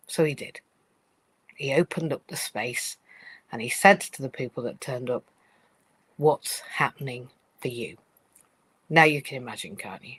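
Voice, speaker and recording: A woman's voice: extremely low pitch, a little slow, pauses often, fairly bright tone, slightly rough, no echo, poor audio. A woman giving a live-streamed talk about workplace change. She tells it as a story, talks to listeners directly with fillers and asides, and acts out other people's worried voices. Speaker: speaker on change in organisations.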